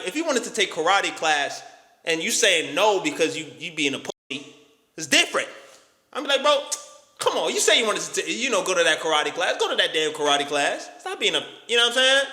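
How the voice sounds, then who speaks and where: A man's voice: high voice, pushed and bright, reverberant. A man giving a casual motivational talk in street slang, emphatic and profane. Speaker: motivational YouTuber.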